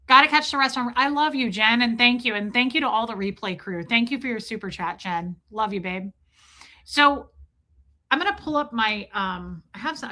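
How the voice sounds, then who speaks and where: A woman in her forties hosting a livestream, telling a personal story frankly with lots of "like" and "right?". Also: mid-range voice. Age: 40s. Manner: frank and animated, swears, frequent "right?" and "like". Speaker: livestream host.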